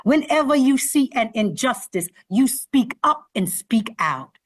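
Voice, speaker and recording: A woman author telling a story to students, speaking to them directly as an animated storyteller. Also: fairly high pitch, measured pace, no room sound, clean studio sound. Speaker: children's author visiting schools.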